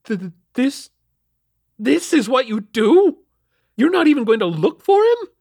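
Man voicing a shrill outraged mother. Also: sing-song, unhurried, creaky, darkish tone, dry recording, studio quality, exaggerated voice. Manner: high, strained, shrill. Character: panicked middle-aged mother, outraged and shrill.

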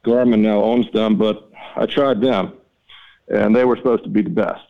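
A man talks through a story with rising exasperation, his voice climbing in pitch as he acts out both sides of a heated phone call. The recording is a bit dull and lo-fi, like a plain podcast mic. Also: normal speed. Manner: animated, exasperated, reenacts dialogue with rising pitch. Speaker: podcast guest, mapping company founder. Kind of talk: storytelling interview talk.

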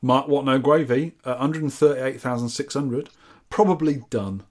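A man's voice: medium pitch, normal speed, a little mellow. A man co-hosting a podcast, reading out listener scores and comments in a jokey, bantering way. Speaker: podcast co-host.

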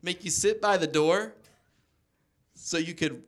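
A man in his thirties doing stand-up, telling self-deprecating stories with animated delivery. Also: high voice, slow pace. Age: 30s. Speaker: stand-up comedian. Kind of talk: stand-up comedy set.

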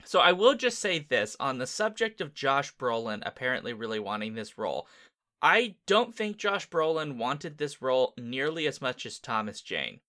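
A man with a bright, forward voice chatting on a movie podcast. He talks in a casual, enthusiastic way, his voice jumping up when he gets excited. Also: mid-range voice, moderate pace. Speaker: podcast co-host. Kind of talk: casual movie-review chat.

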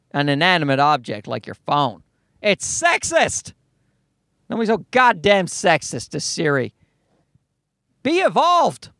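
Animated Newfoundland man with a high voice. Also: dry recording, studio quality. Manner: rambling, profane, self-mocking storyteller. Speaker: comedian and podcast host. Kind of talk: casual solo podcast monologue.

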